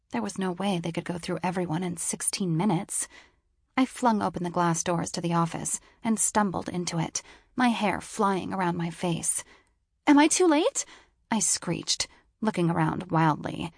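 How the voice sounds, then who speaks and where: A woman's voice: lowish voice, creaky, breathy edge, dry recording, clean studio sound. A woman narrating a first-person novel in a wry, sardonic storytelling manner. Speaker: audiobook narrator.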